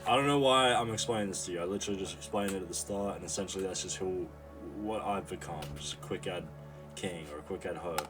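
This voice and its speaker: A man's voice: sits low, quick pace. A young man telling a rambling, profane story as a vlogger, with mock stammers for comic effect. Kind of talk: casual storytelling monologue. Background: background music.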